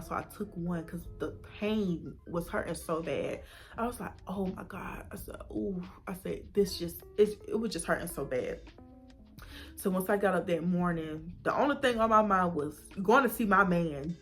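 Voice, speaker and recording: Young woman, lower voice, animated storytelling vlog with whispered asides. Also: moderate pace, faint music behind. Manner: animated retelling, acting out her own past reactions with whispers and gasps. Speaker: vlogger.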